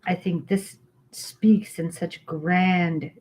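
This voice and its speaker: A woman co-hosting a casual conversation, chatting freely and then slowing into a calm, measured reading of a spiritual text. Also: lowish voice, slight background noise. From Irish heritage, not accent. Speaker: co-host reading spiritual texts. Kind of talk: casual chat and reading aloud.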